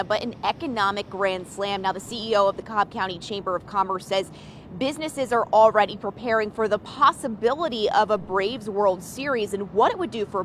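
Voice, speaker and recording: Female field reporter, mid pitch, faint traffic rumble. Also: fairly bright tone. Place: outdoors near a ballpark.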